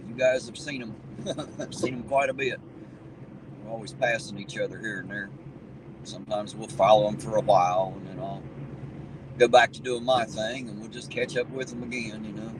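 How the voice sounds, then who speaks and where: A man's voice: on the low side, steady tone, moderate pace. Folksy southern Ohio hillbilly man in a car. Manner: folksy, easygoing, swears casually. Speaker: livestream host. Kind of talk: casual live-stream chat, reading viewer comments. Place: in a car driving around town at night. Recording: distant mic with loud car noise. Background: car and road noise.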